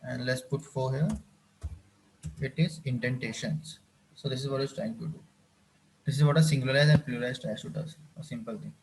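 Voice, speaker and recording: A man's voice: mid-range voice, steady tone, fairly quick, pauses often, background noise. A man teaching a live coding class, often repeating phrases and checking whether his students follow. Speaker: instructor.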